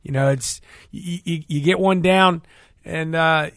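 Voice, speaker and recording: A middle-aged man hosting sports talk radio, rambling and joking loudly at a studio mic. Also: fairly high pitch, fairly even intonation, unhurried, vocal fry, no echo. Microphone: studio microphone.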